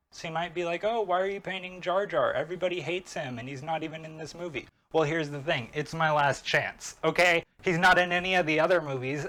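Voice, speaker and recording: A man's voice: mid-range voice, fairly bright tone. A man casually recapping a movie while he paints, joking and rambling as he goes. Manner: joking, rambling, self-interrupting. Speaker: painting vlogger.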